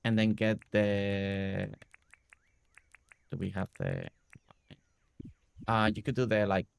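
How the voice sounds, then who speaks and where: Gravelly-voiced man streaming a building game. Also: lowish voice, fairly even intonation, takes it slowly, no echo. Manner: rambling, thinks aloud with many fillers and restarts. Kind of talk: casual live-stream building commentary.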